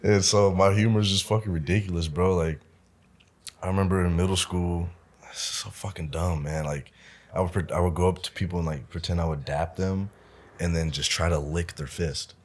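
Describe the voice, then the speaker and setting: A man's voice: deep voice, steady tone, fairly quick. A young man from Omaha chatting as a podcast guest, laid-back, laughing often and calling the host "bro". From Omaha, United States. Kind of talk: casual interview chat.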